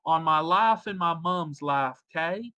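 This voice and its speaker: Casting: insistent man in a put-on Southern drawl, read by a man, bright edge. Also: fairly high pitch, takes it slowly, highs cut off. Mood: wheedling. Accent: put-on American Southern. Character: pushy grown man coaxing a woman in chat.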